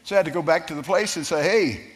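A man preaching a sermon, telling a personal story in a folksy, animated way with some stammering. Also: on the high side, fast talker. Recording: long reverb of a large hall.

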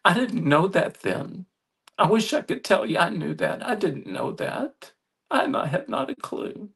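A man preaching a sermon, telling a story earnestly with halting restarts and building to emphatic appeals. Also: high voice, big pitch swings, vocal fry, fairly bright tone, husky.

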